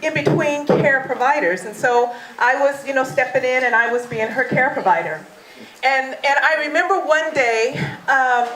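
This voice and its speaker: At a family birthday party in a party hall, a daughter gives a toast, telling a story animatedly, acting out quoted voices and laughing often. Her voice sits high with a fairly bright tone, and the echoey recording with a crowd carries a little hiss or hum.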